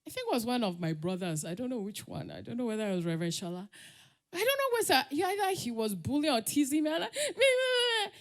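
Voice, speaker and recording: Brief: middle-aged Nigerian woman, conference speaker, animated storyteller, higher voice, swooping and expressive. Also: quick pace. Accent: Nigerian English. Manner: lively, laughs often, acts out quotes.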